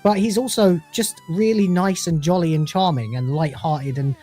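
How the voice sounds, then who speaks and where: A man's voice: high voice, moderate pace, mellow, soft background music. A man delivering a scornful, sarcastic review of a TV episode, swearing freely as he rants. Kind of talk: ranting review.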